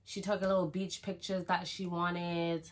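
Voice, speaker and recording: A woman's voice: on the low side, little pitch movement, moderate pace. A young woman, chatting frankly through a casual storytime, with lots of "like" and some swearing. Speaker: vlogger.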